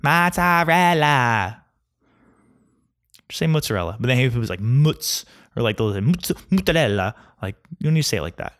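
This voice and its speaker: Grumpy ranting young man, lowish voice. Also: lively intonation, very fast, few pauses. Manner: grumpy, ranting, mocks mispronunciations. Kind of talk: casual comedic rant.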